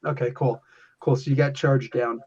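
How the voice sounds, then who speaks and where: A man's voice: mid-range voice, fairly even intonation, normal speed, a little mellow, husky. A man acting as game master, describing the action in a casual, rambling way with restarts. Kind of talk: running a tabletop game session. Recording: lo-fi podcast audio.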